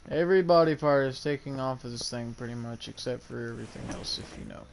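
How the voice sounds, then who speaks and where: Hoarse, gravelly young guy in a shop. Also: mid-range voice, quick pace, very noisy. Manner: blunt, offhand, mildly swearing. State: hoarse from a sore throat. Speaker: vlogger. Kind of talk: casual running commentary. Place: car repair shop.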